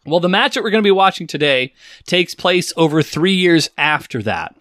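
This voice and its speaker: A man's voice: on the high side, animated, moderate pace, fairly bright tone, no echo, studio quality. A man in his forties hosting a podcast in a jokey, chatty way, now and then bursting into silly voices. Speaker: podcast host. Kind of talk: casual podcast chat.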